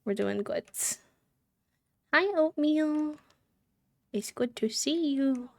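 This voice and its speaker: A woman's voice: fairly high pitch, a little slow, gravelly, mellow. A woman live-streaming a game, chatting casually, giggling and cooing fondly at the characters. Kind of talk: casual chat while playing a life-sim game.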